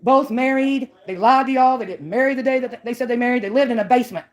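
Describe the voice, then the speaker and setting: A Mississippi woman rants on her own channel in a call-out vlog, combative and mocking. Her voice is on the high side and her pace is quick.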